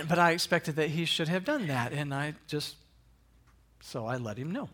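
A man's voice: fairly high pitch, normal speed, a bit bright. A man in his thirties casually telling a personal faith story, rambling a little with fillers and laughing at himself. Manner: conversational, rambling, frequent fillers and restarts; self-deprecating, chuckles at himself. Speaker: speaker sharing a personal story.

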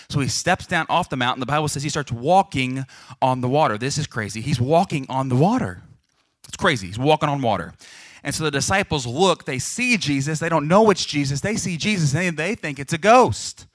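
A young man preaching a lively, joking sermon to a congregation, acting out the voices of people in his stories. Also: fairly high pitch, moderate pace, dry recording, clean studio sound. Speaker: pastor.

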